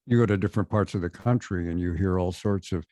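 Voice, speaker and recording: A man's voice: deep voice, quick pace, mellow, no echo, studio quality. An older man with a standard American accent, speaking as a voice actor guest in an interview, thoughtful and anecdotal. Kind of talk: interview conversation.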